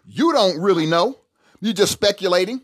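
A man's voice: high-pitched, animated, normal speed, a bit bright. A middle-aged man hosting a solo podcast, talking in an emphatic, preachy way and repeating words for stress. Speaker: podcast host.

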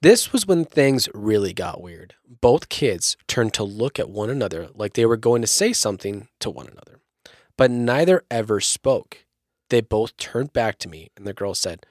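A man's voice: fairly low pitch, big pitch swings, moderate pace, no echo, studio quality. A man hosting a podcast, reading a creepy story aloud in a storytelling narration with jokey asides. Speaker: podcast host.

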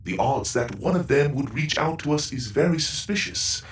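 A man's voice: on the high side, animated, moderate pace, distant mic, voice pushed up. A man voicing a formal, echoey robot pilot. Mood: cautious. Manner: formal and precise. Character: polite, dry-humored adult male robot pilot. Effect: echoey intercom sound.

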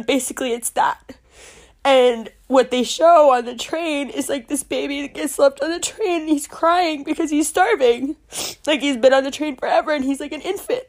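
A young adult woman from Pakistan telling a personal story, candid and emotional, swearing freely and laughing through tears. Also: fairly high pitch.

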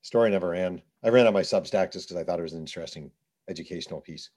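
A man with a fairly low voice talks as an author and journalist being interviewed. He tells his anecdotes in a lively, conversational way. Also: very fast. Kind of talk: conversational storytelling.

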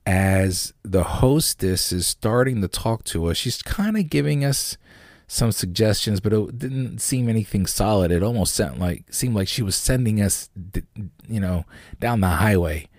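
A man hosting a podcast, telling a rambling, profane story in a casual, animated way. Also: fairly low pitch, unhurried, no echo, studio quality. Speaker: podcast host.

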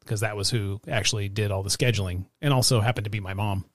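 A man co-hosting a podcast as a parent, talking in a laid-back, halting way with "uh" and restarts. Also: lowish voice, steady tone, no echo, studio quality. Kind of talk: casual chat.

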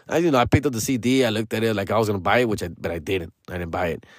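A man's voice: fairly low pitch, very fast, dry recording, studio quality. A man, telling a rambling personal story in casual slang as a comedian. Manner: slangy, rambling, peppered with "dog" and "fool".

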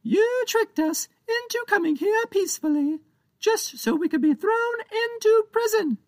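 A squeaky tiny pirate captain. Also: male voice, lively intonation, a little slow, no echo, full character voice. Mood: angry shouting. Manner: squeaky, shouting, accusing. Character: tiny shrill male pirate captain, distrustful.

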